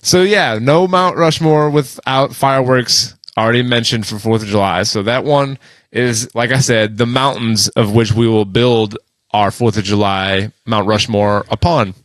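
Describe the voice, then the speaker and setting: A man's voice: mid-range voice, fairly even intonation, unhurried, fairly bright tone, no room sound. A man co-hosting a podcast in casual chat, jokey and often quoting others in playful voices. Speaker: podcast co-host.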